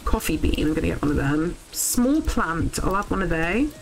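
A young woman streaming a farming game, chatting casually to viewers, excitable and swearing freely. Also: on the low side, moderate pace, creaky, faint music behind, low-quality recording. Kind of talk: casual live game commentary.

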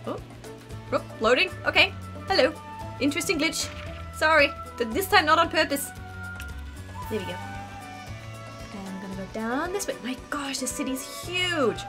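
A woman from Germany, gushing through live game commentary and reading the dialogue aloud. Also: on the high side. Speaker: streamer. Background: game music.

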